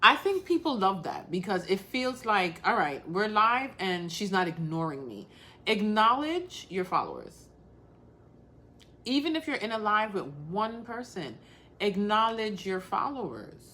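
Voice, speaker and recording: A woman's voice: mid-range voice, sing-song, measured pace, pushed and bright. A woman hosting a casual crafting livestream, talking bluntly and straight to the point while calling out viewers by name.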